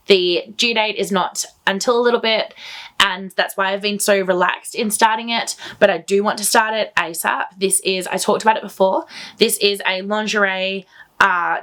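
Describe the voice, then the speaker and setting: A woman's voice: medium pitch, pushed and bright. A woman hosting a knitting podcast, chatting casually to camera at home in an enthusiastic, rambling way.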